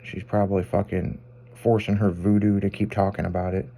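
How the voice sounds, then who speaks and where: A man's voice: deep voice, fairly quick, creaky. Profane storytelling male host. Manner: profane, rambling, animated storytelling. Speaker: podcast host. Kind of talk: casual storytelling chat.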